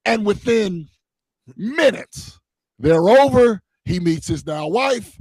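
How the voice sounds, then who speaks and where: Male co-host, fairly high voice, blunt and opinionated, dry close sound. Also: expressive, takes it slowly, a little mellow, no echo, low-quality recording. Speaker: talk show co-host. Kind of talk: casual chat.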